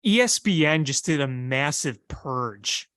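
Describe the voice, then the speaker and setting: A man's voice: fairly high pitch, animated, a little slow, sharp tone, smooth, dry recording. A man co-hosting a sports podcast in casual chat, emphatic and opinionated.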